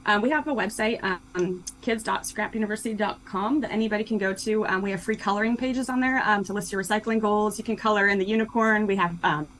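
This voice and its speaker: A young woman, co-author of a children's book, chats cheerfully about it in an interview, full of "um" and "like." Her mid-range, slightly bright voice is fast with hardly any pauses, on a low-quality recording with slight background noise.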